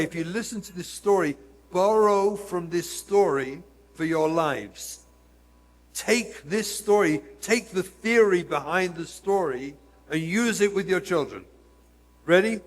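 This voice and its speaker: Man, rabbi, earnest lecture, direct address, slightly high voice, long hall reverb. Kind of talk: storytelling lecture.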